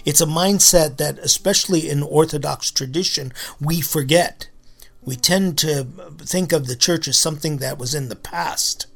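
A man's voice: on the high side, normal speed, a bit bright. A man from Los Angeles preaching a conversational sermon, telling a personal story and asking his listeners rhetorical questions. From Los Angeles, United States.

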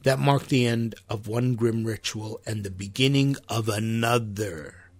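Impassioned gravelly male preacher. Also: medium pitch, dry recording. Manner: impassioned, rising to sharp emphasis. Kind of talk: sermon.

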